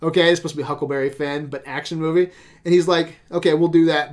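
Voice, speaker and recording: The host's voice is fairly high and his delivery rapid-fire as he chats on a casual podcast. Scene by scene he retells a show, swearing constantly and laughing through the animated telling.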